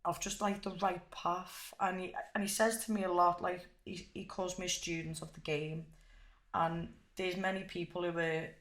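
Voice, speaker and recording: A young woman, chatting as an interview guest and telling stories in an animated way with plenty of swearing. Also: on the low side, moderate pace. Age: young adult. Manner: animated storyteller, swears freely. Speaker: guest fighter. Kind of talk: casual interview chat. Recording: echoey room.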